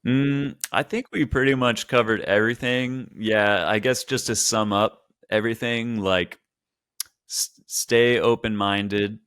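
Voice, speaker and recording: A man's voice: on the low side, steady tone, measured pace, a bit bright, clear, resonant tone, no echo, clean studio sound. A man talking as a podcast guest, thoughtful and rambling, full of "like" and "um.". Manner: thoughtful, rambling, filler-heavy. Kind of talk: casual podcast conversation.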